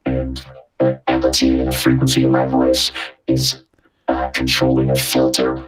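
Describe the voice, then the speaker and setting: A man's voice: a bass voice, monotone, normal speed. Man talking through a robotic vocoder. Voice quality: robotic synthesized timbre. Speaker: guest producer. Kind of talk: casual chat. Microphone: video call. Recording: vocoder synth music loud behind the voice.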